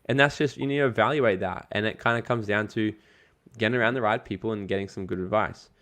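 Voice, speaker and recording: A man's voice: on the low side, quick pace, fairly bright tone. A man speaking as a guest in an interview, giving emphatic, casual motivational advice and swearing now and then. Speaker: guest, network marketing coach.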